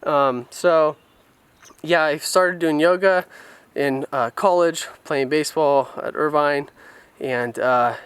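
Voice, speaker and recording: Slow and reflective, a young adult from California tells candid stories about his past while vlogging outdoors on a rural family property. His fairly high voice is a bit bright, clear and resonant, captured without echo by a camera mic on a handheld tripod, and he sounds open and unguarded.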